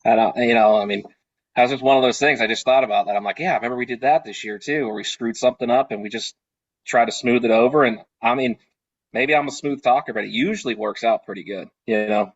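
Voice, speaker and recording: A man's voice: mid-range voice, fast, lo-fi sound. A man who owns a party rental business, chatting casually on a video call and telling stories with lots of fillers and restarts.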